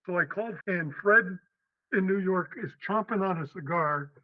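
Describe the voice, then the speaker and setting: A man's voice: sits high, normal speed, dry recording, lo-fi sound. An older man from Western Pennsylvania, a podcast guest telling stories and acting out the voices in them. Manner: animated, acts out quotes. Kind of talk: storytelling interview.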